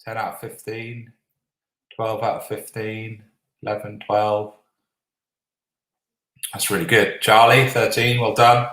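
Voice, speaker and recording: A man running a live online quiz, reading the answers at an unhurried pace. He jokes with the players between questions and swears now and then. His voice carries a roomy echo. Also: lowish voice, level tone, a bit bright. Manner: jokey, swears then apologises, reads answers slowly. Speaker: quiz host. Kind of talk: live online quiz hosting, casual banter. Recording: echoey room.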